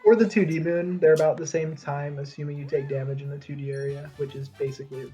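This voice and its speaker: A man's voice: a little high, fairly even intonation, quick pace, dark tone, soft background music. A man giving chatty, knowledgeable commentary on a video game speedrun, explaining tricks as he goes.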